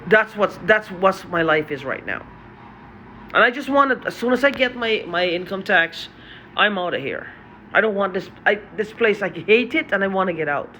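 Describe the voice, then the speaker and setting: A man's voice: a little high, sharp tone, slight background noise. A tired man in an unscripted vlog monologue, talking in an agitated, profane way and often repeating and restarting his phrases. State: tired from lack of sleep. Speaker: vlogger.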